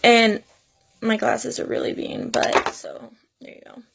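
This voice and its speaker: Woman in her thirties; unhurried, gravelly, teary personal vlog talk. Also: on the high side, huge pitch swings, background noise. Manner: tearful, earnest, pleading. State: crying at times. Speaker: vlogger.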